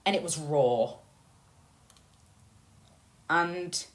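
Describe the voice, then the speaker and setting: A woman's voice: medium pitch, big pitch swings. A woman, likely in her thirties, telling a personal family story in a candid, swearing podcast monologue. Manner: candid and profane, swinging between slow reflection and bursts of emphasis. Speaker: podcast host.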